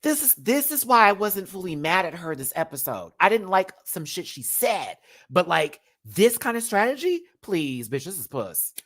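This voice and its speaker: Male live-stream host, sassy and animated, swearing, wide swings in pitch, answers viewer chat. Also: moderate pace. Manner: sassy, animated, swears often, slips into campy impressions. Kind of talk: casual live-stream commentary.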